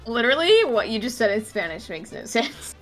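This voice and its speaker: A woman teasing her friends with quick laughs during casual game chat. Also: on the high side, sing-song, rough recording. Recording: faint music behind.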